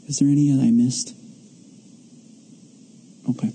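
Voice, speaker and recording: Dark, husky man reading tributes. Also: medium pitch, little pitch movement, a little slow, rough recording. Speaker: funeral officiant reading tributes. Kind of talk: reading written tributes aloud.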